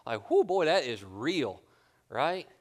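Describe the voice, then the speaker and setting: A man's voice: fairly high pitch, unhurried, a bit bright. A man pastor preaching a sermon in an earnest, conversational way with colloquial asides.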